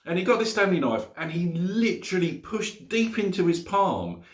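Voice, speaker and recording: A man's voice: high-pitched, big pitch swings, moderate pace, echoey room. A man, telling a story casually as a motorcycle vlogger in his home garage, chatty and laughing often.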